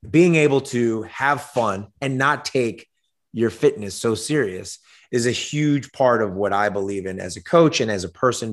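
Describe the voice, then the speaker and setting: Young guy, fitness coach, voice a bit hoarse, jokey and hyped chatting on a podcast. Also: lowish voice. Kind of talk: casual podcast chat.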